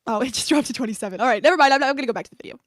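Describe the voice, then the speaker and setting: A woman from the United States hosting a live stream, chatting casually with frequent laughs and animated asides. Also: high-pitched, rapid-fire, no room sound, studio quality. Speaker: streamer host.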